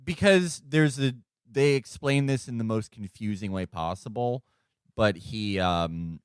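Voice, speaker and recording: A man riffing in casual podcast banter, jokey and animated, slipping into mocking voices. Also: fairly low pitch, a little slow, clean tone, no echo, studio quality. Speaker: podcast co-host.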